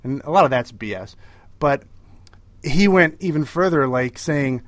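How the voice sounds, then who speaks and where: A man's voice: on the high side, lively intonation, unhurried, no echo. A man co-hosting a podcast in casual chat, rambling with many fillers and restarts. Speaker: podcast co-host.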